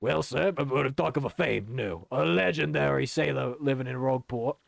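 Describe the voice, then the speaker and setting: A man doing a rough-spoken sailor deckhand. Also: medium pitch, normal speed, dry recording. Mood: eager.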